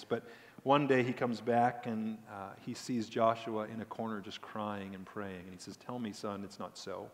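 Male pastor preaching, gets loud then goes real quiet on the sad story, big echoey church hall. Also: mid-range voice. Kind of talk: sermon. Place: church sanctuary. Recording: long hall reverb.

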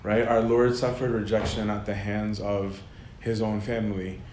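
Speaking flatly at a moderate pace, this man has a fairly low, darkish voice. His casual lecture is conversational and packed with fillers, with frequent laughs breaking into his sentences, and the room echoes with faint ambient noise around him.

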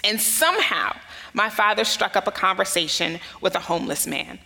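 Her voice is mid-range, bright and forceful, with some vocal fry, and she keeps a moderate pace. A woman pastor from the United States, she earnestly relates a personal story in her sermon, lifting the emphasis on key phrases amid long hall reverb.

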